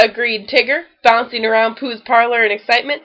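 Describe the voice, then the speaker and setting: A woman reading a children's story aloud with expressive storytelling. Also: fairly high pitch, moderate pace, hardly any pauses, muffled recording. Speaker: storybook reader.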